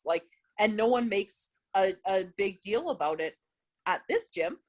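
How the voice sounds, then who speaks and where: A woman's voice: mid-range voice, expressive, normal speed. A woman co-hosting a casual chat, frank and swearing casually. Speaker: podcast co-host.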